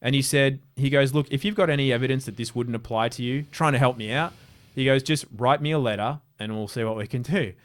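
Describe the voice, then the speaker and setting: As an interview guest, this Australian man rambles through casual anecdotes, frequently starting his sentences over. His voice is mid-range and his pace is fast.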